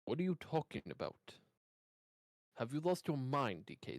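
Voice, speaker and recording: A man's voice: on the high side, sing-song, moderate pace, pauses often, dry recording, studio quality. A man streaming a game with friends, making playful jokes in casual gameplay chat. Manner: joking, playful banter.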